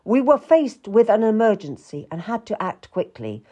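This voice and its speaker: A woman's voice: medium pitch, sing-song, normal speed, mellow, highs cut off. A woman voicing a stern, impatient middle-aged duke who talks in a brusque, dismissive way. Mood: curt.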